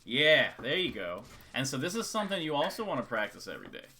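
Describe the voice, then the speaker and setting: A man's voice: medium pitch, big pitch swings, fast talker, pushed and bright, a little hiss or hum. A man coaching a student in a live-streamed game lesson, talking casually and counting out rhythms over and over. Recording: keyboard clicks and typing behind. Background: keyboard clicks and typing.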